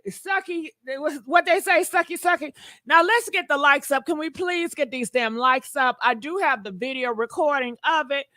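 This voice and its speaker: A woman hosting a gossip channel, talking loud and sassy with plenty of profanity, calling her viewers girl and honey. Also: high voice, no room sound, clean studio sound. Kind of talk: casual gossip commentary.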